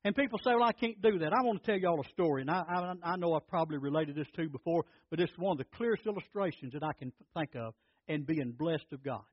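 High-voiced preacher. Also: male voice, quick pace, dull audio. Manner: folksy storytelling preacher, repeats words. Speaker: pastor. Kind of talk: sermon.

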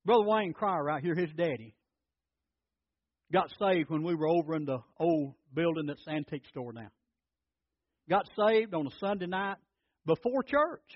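A man's voice: fairly high pitch, expressive, moderate pace, long pauses, no room sound, lo-fi sound. A man preaching a sermon as pastor, telling folksy stories and often repeating his words.

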